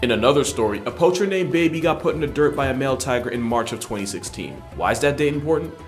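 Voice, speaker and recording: Fast-talking man narrating over music. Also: mid-range voice, animated. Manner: slangy, brisk delivery. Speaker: documentary-style narrator. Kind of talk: scripted comedic narration.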